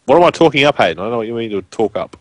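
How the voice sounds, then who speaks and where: A man with a broad rural Queensland Australian accent rambles casually as a guest commentator on a live stream, informal and heavy on fillers. His medium-pitched voice is animated and racing, and the recording is dry.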